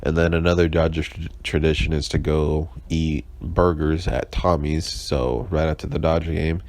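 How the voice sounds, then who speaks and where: With a rumbling low, slightly mellow voice, a young podcast host does a casual solo check-in at a normal speed, his intonation fairly even. Hungover and sarcastic, he rambles and swears constantly, full of fillers and restarts, and there is no room sound.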